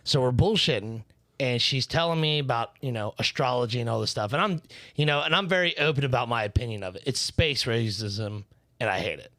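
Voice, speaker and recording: A man from Northern Kentucky tells stories in a laid-back podcast chat, swearing casually. His voice is mid-pitched and recorded dry and close. He talks with an easy, unhurried flow. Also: a bit bright, dry recording. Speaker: podcast co-host.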